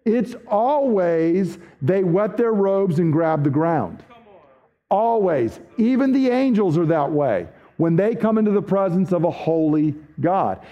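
A man preaching a sermon as a pastor, emphatic, dropping low and slow when he quotes scripture. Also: animated, muffled recording.

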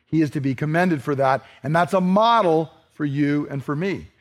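A male pastor preaching an expository sermon, earnest and emphatic, slowing down to read scripture aloud. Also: on the high side.

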